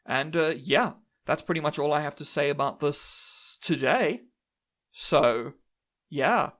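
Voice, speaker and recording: A man's voice: on the high side, slow, a bit bright. A man giving a casual online lecture on poetry in a chatty, self-deprecating way that often adds "right?". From South Africa.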